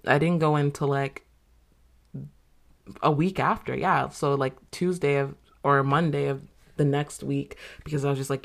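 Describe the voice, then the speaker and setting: A woman's voice: sits low, measured pace, gravelly. A young woman hosting a podcast, telling a personal story in a candid, casual way with plenty of swearing and fillers. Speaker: podcast host.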